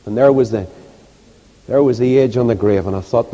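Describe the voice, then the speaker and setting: A man preaching a sermon with passion, rising to high, loud peaks and dropping soft again. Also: moderate pace, long pauses, lo-fi sound. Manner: impassioned, rises to loud high peaks, then drops soft. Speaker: preacher and Bible class leader. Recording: long hall reverb.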